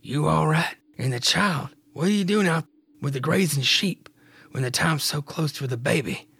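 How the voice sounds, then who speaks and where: A man voicing a gentle, devoted young farm wife in a raspy falsetto with a put-on Scottish accent. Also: moderate pace, heavily acted. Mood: weary.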